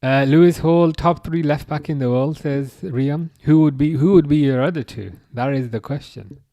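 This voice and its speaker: A man in his thirties hosting a live football watchalong, chatting casually and reading out comments, with a halting, restarting way of talking. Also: on the high side, mellow, no room sound. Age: 30s. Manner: halting, many restarts, chuckles often.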